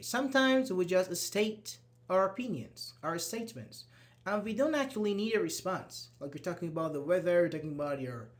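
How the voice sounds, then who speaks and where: A man teaching an English grammar class, patiently explaining and reading out example sentences, with frequent restarts. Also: fairly high pitch.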